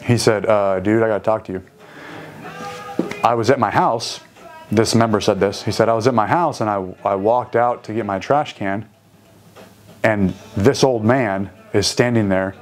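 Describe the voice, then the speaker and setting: Low-voiced man rambling through a story. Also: moderate pace. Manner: rambling, many fillers and restarts, quotes people in raised voice. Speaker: gym owner and host. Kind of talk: casual storytelling.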